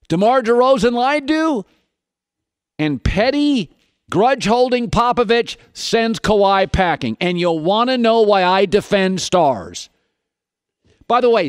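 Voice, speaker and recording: A male sports radio host with a high-pitched voice holds forth in an opinionated studio monologue. He jabs at his points with punchy, sarcastic rhetorical questions. His voice comes through dry and close, with no room sound. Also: no room sound.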